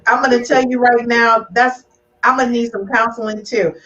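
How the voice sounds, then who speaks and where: A woman hosting a live podcast, who drives her points home with emphatic, preachy repetition. Her voice sits fairly high and comes across a little far from the mic, with a somewhat dull, muffled tone. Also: fairly even intonation, normal speed, bright, forceful tone. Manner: emphatic, preachy, repeats "do you hear me" and "I'm gonna tell you right now". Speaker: podcast host. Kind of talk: casual live podcast chat. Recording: distant, slightly muffled sound.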